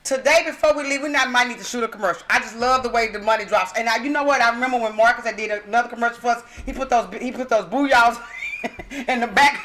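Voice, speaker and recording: Texan lady podcast host, high bright voice, super affectionate, laughing, calls everybody baby. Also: fast talker, a little hiss or hum, poor audio. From Texas. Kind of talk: casual podcast chat.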